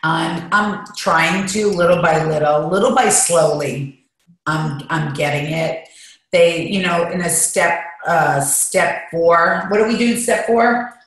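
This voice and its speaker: A woman's voice: fairly low pitch, slow. A woman guest talking candidly and emotionally, rambling as she shares her feelings in an interview. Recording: echoey room.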